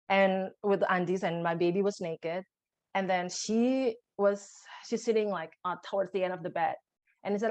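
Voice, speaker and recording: Woman telling a raw, halting story. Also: mid-range voice. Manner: emotional, halting storytelling with restarts. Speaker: podcast guest. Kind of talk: personal birth story in conversation.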